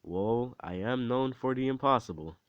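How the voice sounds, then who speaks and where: A man's voice: medium pitch, expressive, normal speed, smooth, lo-fi sound, pitched above the performer's own voice, lightly acted. Izuku, a man playing a cool, mocking teen hero. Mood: joking. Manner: mocking, joking, coolly menacing. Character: chill, passive-aggressive teen boy hero back from the dead.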